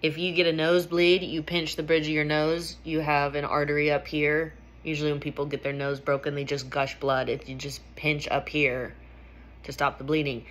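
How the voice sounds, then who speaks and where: A woman's voice: deep voice, level tone, moderate pace. A woman vlogger telling a personal story in a candid, emphatic way, swearing freely.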